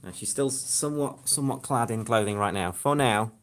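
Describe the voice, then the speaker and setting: A man's voice: mid-range voice, a little fast. Chatty man live-streaming from a phone. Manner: chatty, joking asides to viewers. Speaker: hypnotist livestream host. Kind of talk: casual live-stream chat. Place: flat indoors. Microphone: phone camera.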